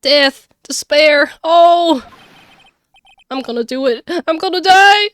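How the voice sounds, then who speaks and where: A woman voices a melodramatic young man from a game, wailing in over-the-top despair in a put-on Southern US country accent. Her voice is fairly high, animated and a bit bright, unhurried and pushed up. There's no echo.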